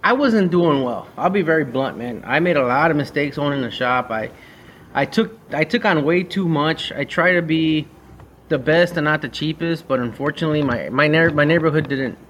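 This mobile mechanic, a former shop owner, has a fairly high, slightly bright voice and talks at a moderate pace over slight background noise. In a casual chat he's blunt and slangy, acting out his conversations with customers.

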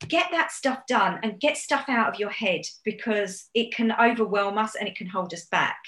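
A woman speaking as a business coach guest, giving brisk, encouraging explanations. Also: mid-range voice, animated, fairly bright tone. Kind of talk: casual interview chat. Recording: roomy echo.

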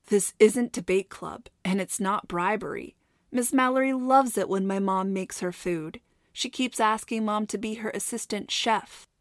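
A woman's voice: medium pitch, a little slow, no echo, studio quality, lightly acted. A woman voicing a confident, scheming schoolboy who speaks in a matter-of-fact, assured way.

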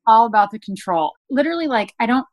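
A woman's voice: fairly high pitch, expressive, quick pace, no echo. Rambling chatty woman. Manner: rambling, full of "like". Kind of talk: casual chat.

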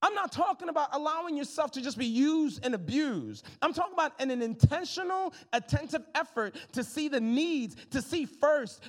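A man in his thirties, a pastor preaching a sermon in a lively, conversational way with jokes and asides to the congregation. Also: very high-pitched, moderate pace, few pauses, long reverb tail.

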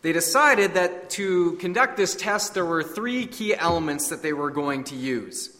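A man preaching as a pastor, praying earnestly before his sermon with frequent pauses and fillers. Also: a little high, animated, bright, forceful tone. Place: church sanctuary. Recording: long reverb of a large hall.

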